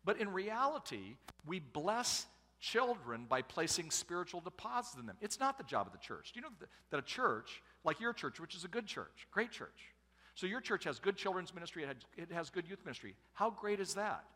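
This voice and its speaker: A middle-aged man preaches to a congregation in a relaxed, joking, conversational way. His voice rises and falls a great deal, and his tone is bright and forceful. A long reverb from a large church hall trails behind each phrase. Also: high voice, moderate pace. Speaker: pastor and family speaker. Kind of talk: sermon.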